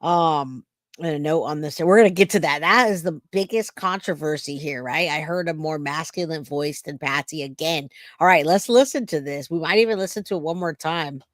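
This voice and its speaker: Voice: mid-range voice, normal speed, no room sound, studio quality. A true crime channel host talking casually to viewers, reacting to archive audio and addressing them as "you guys".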